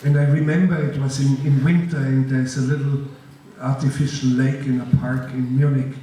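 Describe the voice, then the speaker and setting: A man with a German accent giving a master class, telling his story in a slow, deliberate, grave way and answering audience questions. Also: mid-range voice, flat delivery, warm tone. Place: large lecture hall. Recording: echoey hall, distant mic, faint noise.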